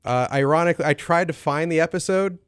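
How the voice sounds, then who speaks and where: A man's voice: on the high side, quick pace, clean tone, no echo. A man co-hosting a casual chat, cracking dry sarcastic jokes. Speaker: co-host.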